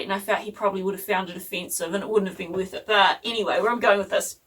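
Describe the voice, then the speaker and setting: A woman chats through a home vlog, animated and self-deprecating. Her voice sits fairly high. She is recorded on a phone a little away from her. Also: far from the mic. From New Zealand. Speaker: vlogger. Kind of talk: chatty home vlog storytelling. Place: home workspace.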